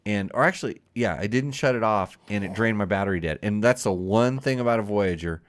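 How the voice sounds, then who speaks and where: A man's voice: on the low side, a little fast. A man hosting a casual podcast chat, rambling and restarting words as he talks. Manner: rambling, repeats words, laughs often. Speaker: show host.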